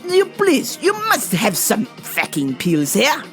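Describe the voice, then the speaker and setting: A woman voicing a grumpy, foul-mouthed male customer, speaking in halting, broken phrases. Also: medium pitch, wildly swooping pitch, soft background music. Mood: indignant. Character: grumpy, cussing male pharmacy customer with put-on French accent.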